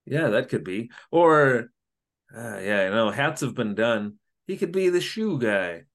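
A man co-hosting a casual podcast, retelling an episode in an animated, jokey way. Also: mid-range voice, unhurried. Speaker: podcast co-host. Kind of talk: casual comedic recap chat.

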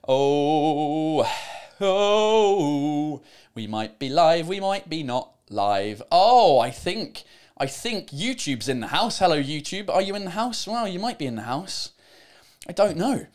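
A man hosting a live-streamed drinking chat show in a studio, loud, playful and profane, switching between English and French. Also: fairly high pitch, very animated, slow, clear, resonant tone.

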